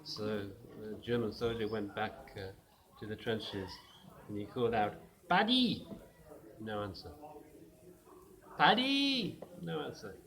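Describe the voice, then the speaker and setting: A man's voice: lowish voice, little pitch movement, moderate pace. A man professor telling a joke, hesitant and full of fillers. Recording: crowd chatter in background.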